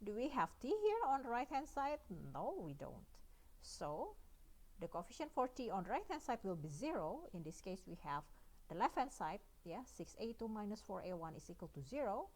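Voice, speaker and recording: A woman's voice: medium pitch, big pitch swings, moderate pace. Woman lecturer, Indonesian accent, step-by-step. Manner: frequent "yeah" and "right?" check-ins, step-by-step explaining. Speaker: university math lecturer. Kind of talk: recorded math lecture.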